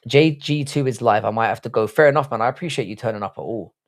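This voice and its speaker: A young Englishman hosts a livestream, reading chat out loud and bantering bluntly and crudely, rambling and often restarting his sentences. He talks fast in a mid-range voice.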